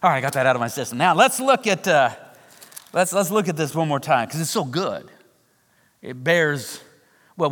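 High-voiced man preaching in a reverberant hall. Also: fairly bright tone. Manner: emphatic, repeats phrases for effect. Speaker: pastor. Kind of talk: sermon. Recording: long reverb of a large hall.

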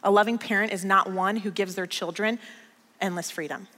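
Woman pastor, bright and slightly high, storytelling sermon with emphatic repeats, long hall reverb. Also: steady tone, normal speed. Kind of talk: conversational sermon.

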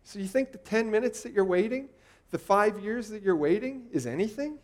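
A man in his forties delivers a sermon with a notably high-pitched voice. He keeps it conversational, throwing rhetorical questions at his listeners as he preaches. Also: lively intonation, normal speed. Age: 40s.

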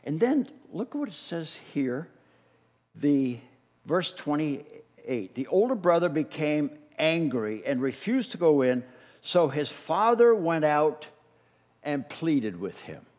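A middle-aged man preaching a sermon as a pastor, telling the story in an animated way and acting out the voices he quotes. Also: fairly high pitch, slow. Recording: long reverb of a large hall.

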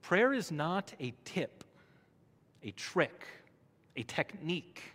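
Pastor, male, high voice, measured unhurried delivery, swells and drops, church hall echo. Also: very animated. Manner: rising to emphatic peaks then dropping low and soft; rhetorical questions to the congregation. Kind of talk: sermon. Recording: long reverb of a large hall.

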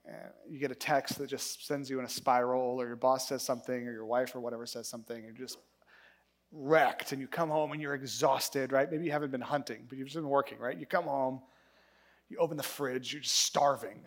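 A man preaching a sermon, telling a story with lively, acted-out character voices. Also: mid-range voice. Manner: animated storytelling, acting out characters in quick voices. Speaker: pastor.

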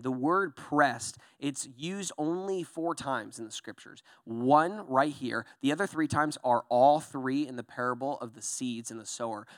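A man's voice: mid-range voice, dry recording, studio quality. A young adult man, a pastor, giving a conversational sermon, checking in with "okay?" and "right?" and acting out voices from the Bible story. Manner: animated storyteller, acts out voices in Bible passages.

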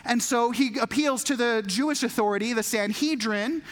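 A woman's voice: a little high, moderate pace, soft background music. Jokey storytelling woman preacher. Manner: animated, jokey storytelling with acted-out voices. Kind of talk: sermon. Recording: long hall reverb.

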